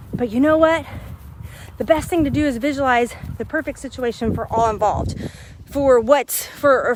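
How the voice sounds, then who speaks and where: A woman, a mindset coach, telling a personal story to her viewers in a casual vlog, animated and laughing often as she acts out what people said. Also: sits high, slight background noise.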